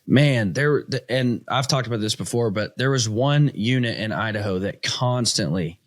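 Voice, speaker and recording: Man, 30s, casual host, animated, slangy, mid-pitched voice. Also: moderate pace, no echo, studio quality. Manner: animated storyteller, says "dude" and "stinking". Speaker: podcast host. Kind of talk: casual chat.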